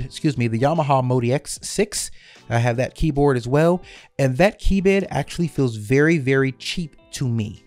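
Medium in pitch and warm, this reviewer's voice stays relaxed as he breaks down a detailed keyboard comparison. Figures get repeated for emphasis, all in a conversational way.

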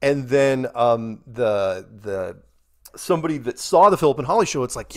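A man's voice: mid-range voice, lively intonation, normal speed, darkish tone. A middle-aged American man, a guest in an interview, telling long rambling stories with quoted dialogue and frequent restarts. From United States. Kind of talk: casual storytelling interview.

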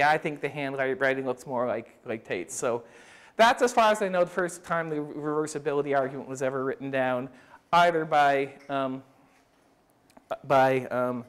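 Halting mid-pitched male lecturer. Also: smooth. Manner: halting, thinks aloud with frequent restarts; speeds through quoted passages. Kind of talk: academic lecture. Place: lecture room at a summer school.

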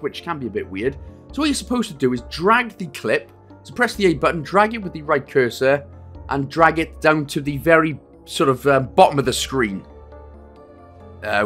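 Welsh male gaming commentator, young, lively pitch, chatty with faint music behind. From Wales. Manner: chatty, jokey asides, frequent fillers. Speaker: game walkthrough narrator. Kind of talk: casual gameplay commentary.

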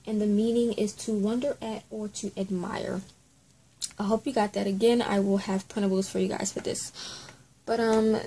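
A woman with a warm, husky, medium-pitched voice hosts a casual Bible study at home, chatty and apologetic, sometimes spelling words out letter by letter. The recording quality is low.

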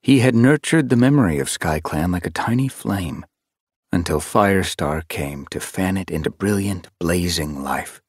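Expressive male narrator for a fantasy audiobook, low voice, dry studio sound. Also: moderate pace, husky, no room sound. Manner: expressive, shifting voices for characters. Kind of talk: scripted narration.

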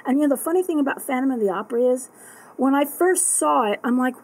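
Rambling lady vlogger talking to her camera at night, high and a bit husky, lots of ums. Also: lively intonation, fast, a little mellow, rough recording. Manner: chatty, rambling, many fillers and restarts. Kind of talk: casual rambling monologue to camera. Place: indoors at home at night. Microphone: camera that tracks her.

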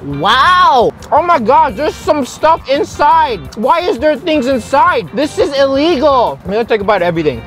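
Man, excitable vlogger, lively up-and-down pitch, playful exclamations. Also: moderate pace, soft background music. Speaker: vlogger host. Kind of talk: energetic food challenge vlog.

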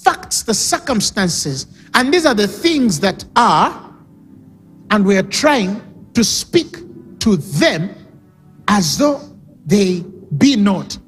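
A man's voice: sits high, fairly bright tone. A man preaching a sermon, emphatic and repetitive, often calling for responses from the congregation. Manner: emphatic, repeats key phrases, calls for audience response. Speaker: pastor. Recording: reverberant hall with music underneath.

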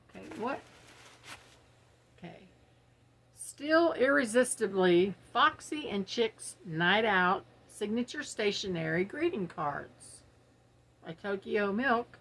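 A woman's voice: medium pitch, lively intonation, takes it slowly, fairly bright tone, slight background noise. A middle-aged woman, chatting casually and giggling as she unboxes products at home for her viewers. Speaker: unboxing vlogger. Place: home, early morning.

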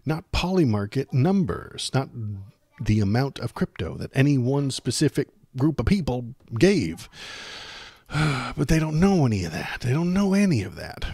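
A man's voice: medium pitch, sing-song, moderate pace, darkish tone, breathy edge, no room sound. A man hosting a live stream of casual political commentary. He rants in a sarcastic, exasperated way and repeats phrases for emphasis. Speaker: streamer host.

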